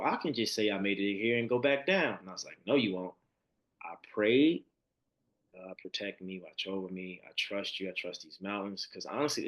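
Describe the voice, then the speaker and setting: A man with a fairly low voice tells a personal story as a podcast guest. He talks loosely and conversationally. He acts out what people said, dropping to near-whispers and then jumping up high when he gets excited. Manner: animated storyteller who acts out quotes, swinging between hushed and high excited tones.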